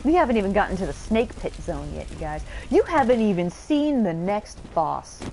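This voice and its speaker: A woman's voice: mid-range voice, sing-song, normal speed, dark tone, slight background noise. A young woman casually commenting as she streams a video game, chatty and laughing, reading chat aloud and swearing.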